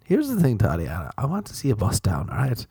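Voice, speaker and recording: A man's voice: fast, vocal fry, breathy edge, dry recording, clean studio sound. Profane, rambling man. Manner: profane, animated, jumps into sudden high mock voices. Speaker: podcast host. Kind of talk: rambling comedic monologue.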